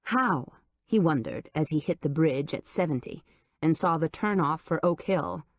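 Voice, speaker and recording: A woman narrating an audiobook in a measured, low-key manner on a close studio mic. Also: lively intonation, no room sound. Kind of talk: scripted narration.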